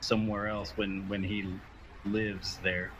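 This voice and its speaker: A man narrating a tabletop game as game master over an online voice call, with a bright, forceful tone and a slightly low pitch. He explains rulings patiently, often restarting his sentences. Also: flat delivery, slow, a little hiss or hum, low-quality recording.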